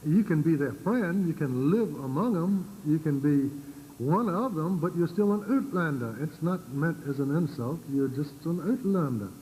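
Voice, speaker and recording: Halting older Virginian man lecturing. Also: a little high, animated, mellow, a little hiss or hum, rough recording. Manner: halting, many fillers and repeated words. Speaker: church speaker. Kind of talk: informal lecture to a congregation.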